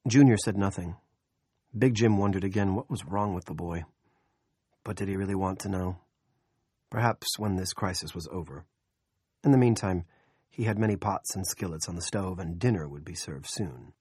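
A man narrating an audiobook in a steady, measured storytelling manner. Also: deep voice, slightly rough, dry recording, studio quality.

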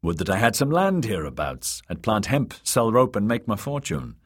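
A man's voice: fairly low pitch, sing-song, normal speed, voice pushed up. A man voicing a dry, mocking grown knight in audiobook dialogue. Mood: sardonic. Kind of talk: audiobook character voice.

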